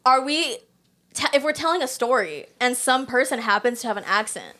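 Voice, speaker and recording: Bright, lively young woman podcaster. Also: on the high side, brisk. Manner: giggly, animated, argues playfully. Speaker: podcast co-host. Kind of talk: casual chat.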